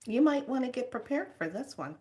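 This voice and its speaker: A woman's voice: fairly high pitch, sing-song, brisk, darkish tone. A woman hosting her own spiritual vlog, talking casually and telling exasperated stories with frequent laughter. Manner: chatty, exasperated storytelling, laughs often. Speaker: spiritual vlogger.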